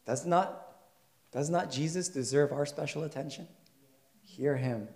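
A male pastor delivers a sermon in a conversational style and keeps checking in with his listeners. His voice sits a little high, and it swells into loud, emphatic stretches. The recording has a roomy echo. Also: unhurried. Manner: conversational, asks the congregation questions; builds to loud, emphatic passages. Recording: echoey room.

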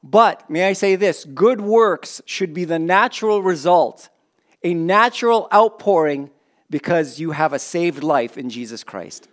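A man's voice: a little high, animated, a little slow. A man preaching a sermon to a congregation in a conversational way, joking with people in the front rows. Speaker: pastor.

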